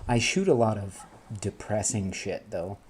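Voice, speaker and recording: A man's voice: on the low side, a little mellow, slight background noise. A man hosting a casual sports fan show, bantering with friends, laughing and swearing freely. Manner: laughing, swearing, quick asides. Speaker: host.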